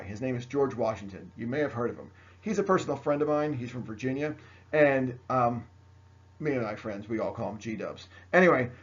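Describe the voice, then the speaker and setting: A man's voice: medium pitch, lo-fi sound. A man teaching a history lesson by video, chatty and joking, speaking straight to his students. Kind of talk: recorded video lecture.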